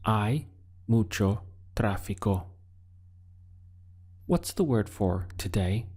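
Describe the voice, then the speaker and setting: A man teaching a Spanish lesson, speaking deliberately and pausing so the learner can answer. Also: lowish voice, lively intonation, darkish tone, slightly rough. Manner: slow, deliberate teaching with pauses for learner practice. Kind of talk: video language lesson.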